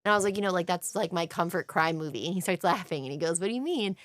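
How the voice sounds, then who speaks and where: Co-hosting a casual podcast, a young woman recounts events with gushing, emotional enthusiasm, her animated speech racing along. Her voice sits on the low side yet sounds a bit bright, recorded dry and close with no room sound or echo.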